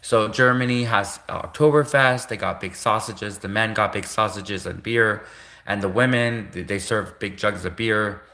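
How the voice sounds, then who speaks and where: A man's voice: on the low side, moderate pace, pushed and bright. A man, rambling through a casual livestream monologue and often repeating and restarting himself. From Canada. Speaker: livestream host.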